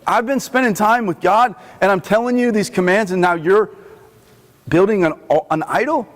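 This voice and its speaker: A man's voice: high voice, normal speed, close to an everyday voice. A man voicing an exasperated leader who scolds his people in disbelief. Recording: long reverb of a chapel.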